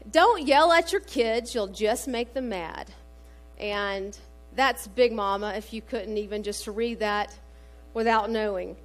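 A middle-aged woman gives a sermon in a slightly high voice. She moves between scripture readings and homey family anecdotes. Her talk is conversational, with frequent "um" fillers. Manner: warm storytelling with scripture quotes, many fillers. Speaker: preacher.

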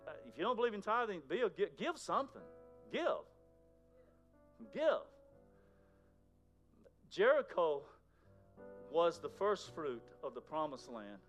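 A man preaching a sermon in a conversational way, moving between loud emphasis and near-whispers. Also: a little high, animated, normal speed, faint music behind. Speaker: pastor.

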